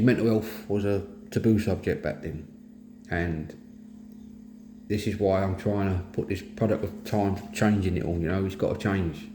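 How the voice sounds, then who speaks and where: A man's voice: lowish voice, warm tone. A middle-aged man with a Cockney accent from East London, talking candidly and bluntly about his mental health. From East London, England. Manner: plain-spoken, earnest, blunt. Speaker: host of a mental health talk. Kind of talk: candid personal monologue. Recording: echoey room with faint noise.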